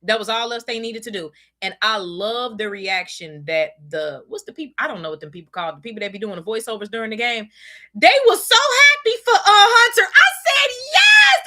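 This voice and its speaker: A woman talks from her desk at home, gushing and swearing as she tells a story. Her voice is bright and sits at a middle pitch. She breaks into loud squeals when she gets excited. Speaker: podcast host. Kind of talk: casual chat.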